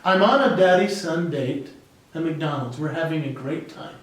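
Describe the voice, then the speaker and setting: A middle-aged man, a guest speaker and comedian, tells an animated personal story and acts out the people in it. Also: fairly high pitch, moderate pace, far from the mic. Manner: lively and expressive, acting out the people in his stories. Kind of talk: animated storytelling in a podcast interview. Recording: echoey room, voice away from the mic.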